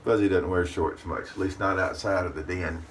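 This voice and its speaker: Folksy low-voiced man, distant mic. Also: fairly even intonation, normal speed. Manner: folksy, talks about himself in third person. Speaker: shaving channel host. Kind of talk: casual chat to camera. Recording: distant mic with faint room noise.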